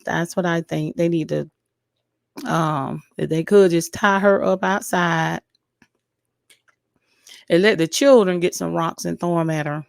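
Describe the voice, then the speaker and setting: A woman's voice: fairly low pitch, fairly even intonation, measured pace, vocal fry, long pauses, no echo, clean studio sound. A woman hosting a casual commentary vlog who gives her opinions bluntly and talks straight to her viewers, her voice weak from allergies and coughing. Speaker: YouTube commentary host.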